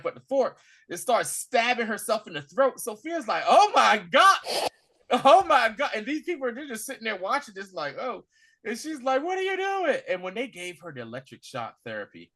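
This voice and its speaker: A man co-hosting a podcast, retelling a TV episode in a casual, animated way and acting out the characters' lines. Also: high voice. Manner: animated storytelling, acting out scenes in voices. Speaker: podcast co-host. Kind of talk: casual TV recap chat.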